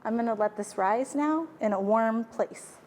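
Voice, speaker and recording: A woman's voice: fairly high pitch, moderate pace, a little mellow, big-room sound, a little hiss or hum. A woman chatting playfully while she cooks, joking and rambling through asides. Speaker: home cook vlogger. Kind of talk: casual cooking vlog chat.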